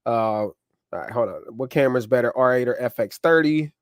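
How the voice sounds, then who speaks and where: A man's voice: mid-range voice, animated, brisk, no echo, studio quality. Chatty man streaming live. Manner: loose, chatty, shouting out viewers. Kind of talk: casual live stream chat. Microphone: wireless clip-on mic.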